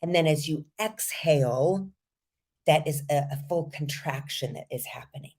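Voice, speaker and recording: A woman voice coach leading a podcast lesson, energetic and guiding listeners step by step through breathing exercises. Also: deep voice, moderate pace.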